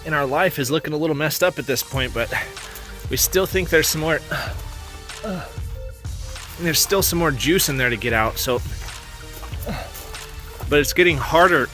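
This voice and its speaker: A man's voice: fairly high pitch, moderate pace, long pauses, sharp tone, soft background music. A man in his twenties delivering a comic monologue as a vlogger, playful, jokey and mock-serious.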